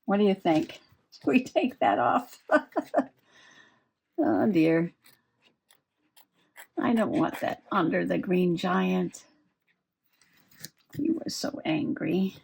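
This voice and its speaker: A woman's voice: medium pitch, animated, takes it slowly, creaky, long pauses, darkish tone, slightly rough. A woman chatting and giggling as she works on a craft project. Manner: chatty, giggly, talks while working. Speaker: crafting vlogger. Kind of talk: casual crafting chat.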